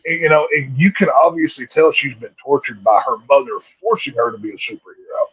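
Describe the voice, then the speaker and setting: A man's voice: medium pitch, a little fast, fairly bright tone, husky, dry recording, highs cut off. A man reviewing a movie in casual chat, blunt and rambling, with many restarts.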